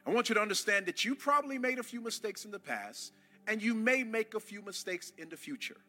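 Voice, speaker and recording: A man preaching a sermon to a church congregation, impassioned, rising to shouts and calling on the crowd to answer. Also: sits high, expressive, a little fast. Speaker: pastor.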